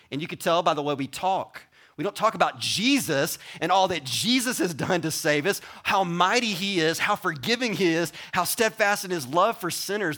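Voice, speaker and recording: Animated, bright-voiced preacher man. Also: on the high side. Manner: conversational, animated preaching with asides to the congregation. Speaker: pastor. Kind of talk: sermon.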